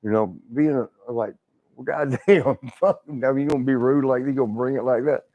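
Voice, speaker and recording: A man's voice: mid-range voice, a little fast, warm tone. Older man telling raunchy stories. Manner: laughs often, swears, acts out quotes. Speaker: wrestling legend guest. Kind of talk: casual storytelling. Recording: dull lo-fi stream audio.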